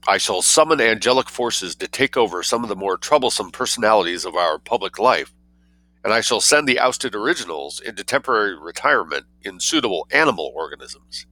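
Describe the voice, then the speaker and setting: A man's voice: fairly low pitch, lively intonation, a little fast, bright, forceful tone, low-quality recording. A man reading as a serene, teasing young duke. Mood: provocative. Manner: languid, composed and teasing.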